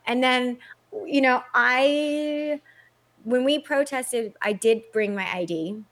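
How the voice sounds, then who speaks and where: A woman in casual chat, telling animated stories and acting out quotes with a laugh. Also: sits high, takes it slowly. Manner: animated storytelling, frequent laughs and acted-out quotes.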